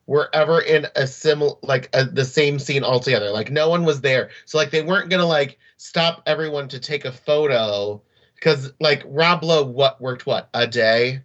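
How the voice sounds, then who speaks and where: Man, podcast co-host, casual chat, chatty asides, mid pitch, slightly dull recording. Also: fairly bright tone. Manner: chatty, quick asides with laughs. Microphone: podcast mic, also on video.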